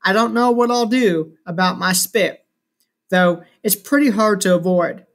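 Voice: mid-range voice, a little slow, lightly acted. A reader voicing a playful, defiant twelve-year-old boy who protests and jokes in a story reading. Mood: protesting. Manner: protesting, joking.

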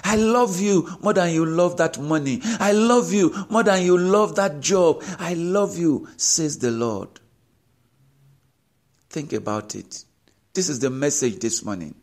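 A man's voice: on the high side, expressive, a little slow, hardly any pauses, darkish tone. A man preaching a sermon as a pastor, pressing his listeners with rhetorical questions and rising emphasis.

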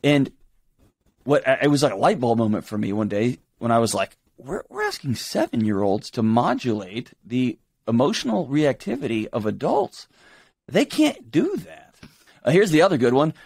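A man's voice: mid-range voice, moderate pace, vocal fry, no echo. Emphatic man, dry close sound. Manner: emphatic, animated storytelling with quoted voices. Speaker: guest author. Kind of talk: conversational interview.

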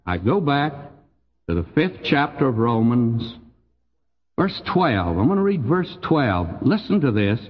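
An older man with a Texan accent preaching a sermon in a folksy, emphatic way, his voice swooping high on key phrases and dropping low. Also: sing-song, a little slow, breathy edge, long reverb tail, lo-fi sound. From Texas. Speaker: pastor.

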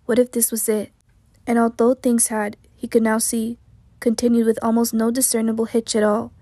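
A hoarse woman narrating an audiobook in a measured, even literary reading. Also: a little high, no echo.

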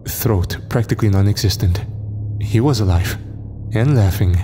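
Low, mellow male horror narrator. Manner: measured, grim first-person telling. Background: faint music.

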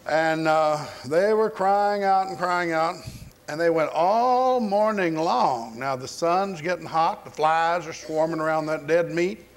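A man preaches a sermon, spinning a story with folksy humor. His speaking voice sits a little above a typical man's pitch. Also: a little slow.

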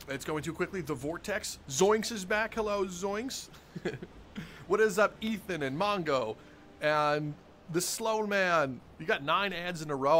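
A man's voice: on the high side, fairly bright tone, slight background noise. A young man live-streaming a game from home, cheerfully greeting his chat by name and laughing often. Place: home room with dogs nearby.

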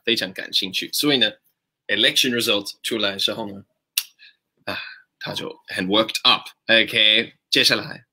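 A man leads a relaxed English class on a live stream, his voice mid-range, bright and forceful. He talks with animation, then slows to say phrases again and spell them.

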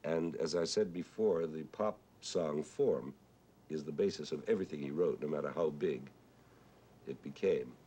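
A man with a husky voice, talking thoughtfully on television about songwriting, pausing with "uh" as he explains. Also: rumbling low, dark tone, a little hiss or hum. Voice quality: husky "whiskey voice". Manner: thoughtful, pauses with "uh", explains with sung examples. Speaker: composer recalling a friend. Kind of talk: reflective televised talk.

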